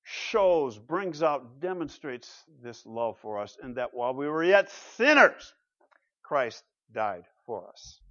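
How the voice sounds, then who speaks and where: A man preaching an expository sermon, animated and emphatic, with rhetorical questions and repeated phrases. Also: medium pitch, slow pace, lo-fi sound. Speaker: pastor.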